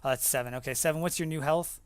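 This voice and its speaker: Man, game master, smooth clear voice, casual halting delivery, tabletop game. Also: on the high side, dry recording. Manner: casual, halting, full of fillers. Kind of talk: running a tabletop game online.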